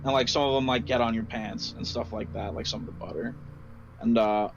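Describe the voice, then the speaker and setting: A man's voice: medium pitch, fairly even intonation, fairly quick, highs cut off, background noise. A man running a tabletop game as game master, narrating loosely with lots of fillers. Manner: loose, rambling, many fillers.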